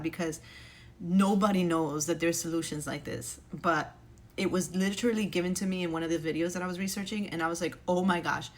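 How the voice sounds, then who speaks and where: Earnest woman telling her testimony. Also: fairly low pitch. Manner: earnest, emotional, with many fillers and restarts. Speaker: single mom sharing a faith testimony. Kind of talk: casual personal testimony.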